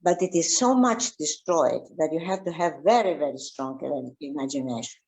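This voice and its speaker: A Greek woman with a Greek accent, an archaeologist chatting in an interview, halting with many fillers and restarts. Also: low-pitched, lively intonation, a little mellow, low-quality recording. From Greece. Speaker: archaeologist guest. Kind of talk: casual interview chat.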